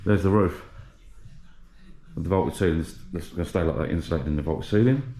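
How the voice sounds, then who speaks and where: A man's voice: low-pitched, brisk, mellow. A man walking and talking out of breath, chatting casually as he shows a renovation on a handheld camera. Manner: chatty, rambling, with restarts. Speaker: vlogger showing a renovation. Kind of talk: casual walk-and-talk vlog. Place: outdoors walking, then inside a building site.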